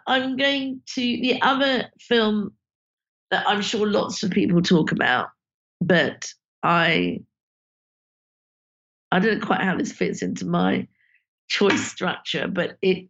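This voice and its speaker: A woman's voice: mid-range voice, animated, takes it slowly, fairly bright tone. A woman film director, talking casually and emotionally in an interview, full of "you know" fillers. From Britain. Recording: dull lo-fi sound.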